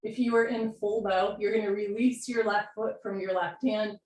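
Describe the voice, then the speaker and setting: A young woman teaching a live yoga class, giving brisk step-by-step cues and getting breathy as she does the poses along with the class. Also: mid-range voice, steady tone, darkish tone. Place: room at home, live video call. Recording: roomy sound from far off the mic, faint hiss.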